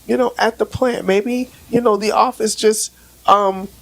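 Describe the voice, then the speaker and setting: A woman with a raspy voice from laryngitis, speaking as a relationship expert on a casual podcast and explaining with everyday examples. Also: mid-range voice, steady tone, a little slow, rough recording. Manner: explains with everyday examples, frequent "right?" checks; repeats words when starting sentences.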